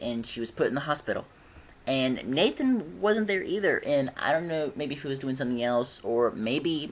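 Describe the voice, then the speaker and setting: A fan reviewer chatting casually at home, rambling with frequent giggles and restarts. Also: mid-range voice.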